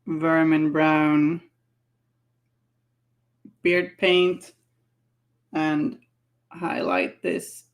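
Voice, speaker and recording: A woman talks unhurriedly while she paints miniatures, in a relaxed, casual chat. Her voice has a gravelly edge of vocal fry, and she laughs easily and thinks out loud. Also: low voice, drawn-out words, long pauses. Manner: chatty, laughing, musing aloud.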